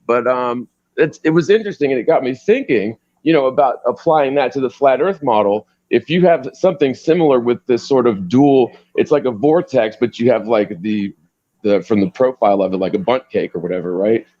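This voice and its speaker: A man's voice: medium pitch, brisk, dark tone, dry recording. A man in a mid-range voice, rambling through a story with frequent fillers in a casual panel chat. His audio sounds dull and completely dry, like a remote call feed.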